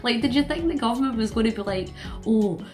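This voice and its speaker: A woman's voice: a little high, racing, faint music behind. A woman from Scotland with a Scottish accent, chatting to camera as a vlogger and telling a story with incredulous asides. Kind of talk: casual chat to camera.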